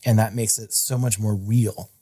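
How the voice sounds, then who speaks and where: A man's voice: on the low side, fairly even intonation, moderate pace, dark tone, breathy edge. A man co-hosting a horror film podcast. He reads background facts, then riffs casually with lots of filler words. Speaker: podcast co-host. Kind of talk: casual chat.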